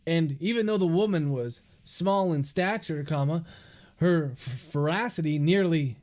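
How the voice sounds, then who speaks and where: A man's voice: fairly high pitch, a little slow, darkish tone. A male author dictating his novel aloud on a livestream, speaking each punctuation mark as he goes.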